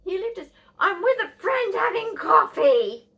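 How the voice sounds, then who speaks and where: A woman's voice: lively intonation, very fast, full character voice. A woman putting on the voice of a snobby, dismissive middle-aged mother. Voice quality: snobby put-on accent, high and loud.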